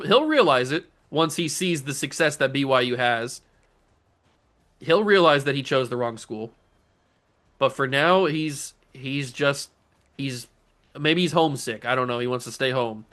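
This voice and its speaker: A man's voice: mid-range voice, lively intonation, moderate pace, fairly bright tone. A young man hosting a gaming channel, giving casual commentary on a football video game with melodramatic, exasperated rants. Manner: melodramatic, ranting, exasperated outbursts.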